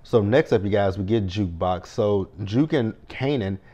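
Guy with a lowish voice recapping a tv episode, chatty, keeps saying right, cusses here and there. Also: moderate pace, mellow, highs cut off. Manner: chatty retelling, frequent "right?" asides; swears, slips into quoted reactions. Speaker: TV recap host.

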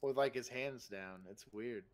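A man's voice: mid-range voice, measured pace. A man nervously chatting through a tactical game with his squad. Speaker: gaming teammate. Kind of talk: casual gaming banter.

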